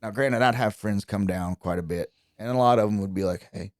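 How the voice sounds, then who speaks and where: A young man from Indiana, a country singer, telling stories as a guest in relaxed, chatty conversation. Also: on the low side, a little fast, dry recording, studio quality. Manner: relaxed, chatty, lively when quoting people. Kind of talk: casual storytelling.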